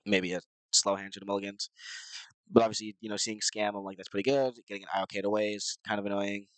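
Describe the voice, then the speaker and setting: A man's voice: fairly low pitch, monotone, quick pace, a bit bright, dry recording, low-quality recording. A man who is a little sick and sounds nasal, rambling casually and unsurely with lots of fillers as he commentates his own card game matches at his computer.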